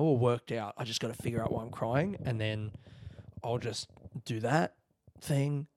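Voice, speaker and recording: A man's voice: mid-range voice, mellow, no room sound. Rambling reflective man, dry close sound. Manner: rambling, reflective, frequent restarts. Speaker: podcast host. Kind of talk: casual solo monologue.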